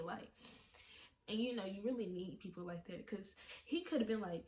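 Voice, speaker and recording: A woman vlogger telling an emotional story. She talks haltingly, with many fillers and restarts, and sounds shaken as she relives a frightening event. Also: medium pitch, a little mellow.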